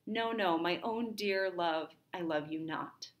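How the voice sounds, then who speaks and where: A proud, dying swordsman-poet quietly insists on his denials, read aloud by a woman teacher. The lines come slowly and firmly. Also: fairly low pitch. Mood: denying.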